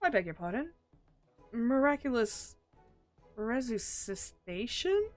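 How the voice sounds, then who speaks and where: Woman voices a blunt, authoritative old nobleman; lowered voice, faint music underneath. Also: very animated, slow. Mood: lordly. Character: older male nobleman, lordly and blunt.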